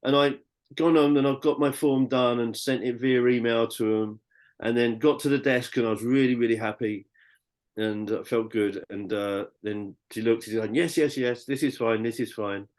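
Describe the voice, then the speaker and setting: A man's voice: medium pitch, level tone, normal speed, darkish tone. A British man, a podcast guest, telling his personal story in a rambling, heartfelt way with many restarts. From Britain.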